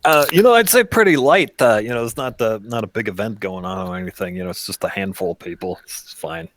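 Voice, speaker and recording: A man's voice: on the low side, animated, brisk, dry recording, lightly acted. A man voicing a nervous young captive on the phone, stammering and full of fillers. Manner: stammering, filler-heavy, anxious.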